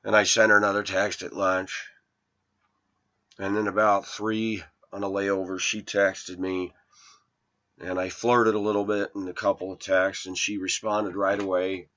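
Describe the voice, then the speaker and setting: Deep-voiced man venting a dating story. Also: little pitch movement, measured pace, fairly bright tone, muffled recording. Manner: aggrieved, retells texts and calls in quotes. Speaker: video blogger. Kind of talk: personal storytelling monologue.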